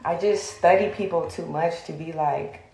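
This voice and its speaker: A woman's voice: fairly low pitch, moderate pace, warm tone. A woman ranting straight to her phone camera, blunt and profane, rambling with lots of fillers. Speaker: social media vlogger. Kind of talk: heated direct-to-camera rant. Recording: echoey room.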